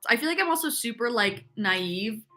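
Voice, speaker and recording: Bright-voiced chatty young woman livestreamer. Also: a little high, lively intonation, normal speed, soft background music. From upstate New York. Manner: rambling gossipy storytelling, constant "like" fillers; reads and answers live chat comments. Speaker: fitness livestreamer. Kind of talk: casual livestream chat.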